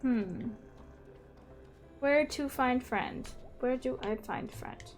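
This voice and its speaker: High-voiced woman streamer chatting. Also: takes it slowly. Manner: chatty, playful. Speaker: gaming streamer. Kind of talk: casual gameplay commentary. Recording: faint game music behind.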